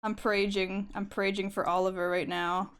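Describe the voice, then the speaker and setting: A woman's voice: medium pitch, little pitch movement, moderate pace, fairly bright tone, clean tone. A young woman streaming while she draws, chatting in a rambling, giggly way and swearing casually. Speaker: art streamer.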